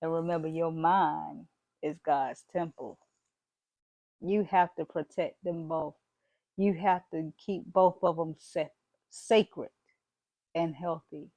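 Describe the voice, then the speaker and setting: A woman gives a casual motivational talk to camera, bold, preachy, and emphatic, tossing in "y'all" and "baby" as she speaks to viewers. Her voice is low and steady, mellow, slow with frequent pauses, in a dull recording with no echo.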